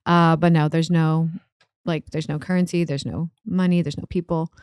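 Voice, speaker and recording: A woman's voice: low-pitched, level tone, moderate pace, a little mellow, clean tone, dry recording, clean studio sound. A Northern Irish woman in her thirties, a guest comedian chatting casually and laughing often on a podcast mic. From Northern Ireland. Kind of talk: casual chat.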